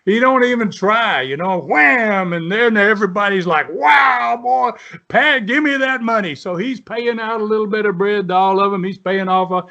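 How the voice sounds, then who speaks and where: His voice is high-pitched, pushed and bright, running at a moderate pace with hardly any pauses. He's a retired wrestler in his 70s spinning salty, rambling yarns in folksy style during an interview, captured on dull lo-fi audio.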